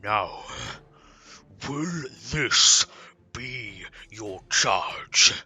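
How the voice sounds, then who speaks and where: A man's voice: fairly low pitch, lively intonation, extremely slow, sharp tone, slightly rough, faint music behind, heavily acted. A man voicing a menacing male warlord chieftain with a nasal voice and clipped commands in a tabletop game.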